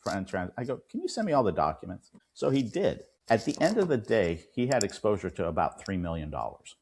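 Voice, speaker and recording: A man, an attorney and podcast guest, telling a client story with lively quoted dialogue. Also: lowish voice, a little fast, few pauses. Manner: animated retelling, acts out quoted dialogue. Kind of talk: storytelling in an interview.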